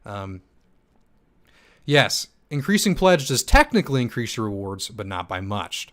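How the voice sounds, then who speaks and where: A young man hosting a livestream Q&A, reading chat comments aloud and answering in a hyped, fast manner with many ums and restarts. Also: fairly low pitch, big pitch swings. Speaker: stake pool operator and channel host.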